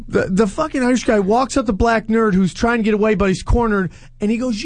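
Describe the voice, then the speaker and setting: High-voiced man telling a wild story. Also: moderate pace, hardly any pauses. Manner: animated storytelling, acts out voices, swears a lot. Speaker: podcast co-host telling a story. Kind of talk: casual chat.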